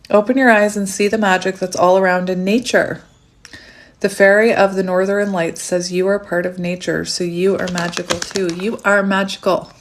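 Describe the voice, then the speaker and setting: A bubbly woman chats through a tarot reading, laughing between phrases and jumping up high when something delights her. Her throat is slightly hoarse, and her voice sits at an ordinary middle pitch. Faint noise hums under the recording. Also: moderate pace. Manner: chatty and bubbly, squeals when excited. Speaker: tarot reader.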